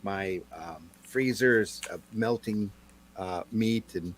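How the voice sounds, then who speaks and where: A man's voice: fairly low pitch, slow, noisy background. A man on a casual podcast panel, telling stories in a wry, matter-of-fact way with a slight lisp. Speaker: panelist, comic book artist.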